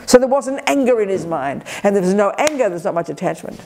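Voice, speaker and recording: A woman's voice: mid-range voice, quick pace, slight background noise. An older woman, a Buddhist teacher leading a retreat, talking directly and energetically to a group and taking questions. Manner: energetic, direct, lively emphasis. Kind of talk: Dharma teaching with audience questions. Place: retreat hall.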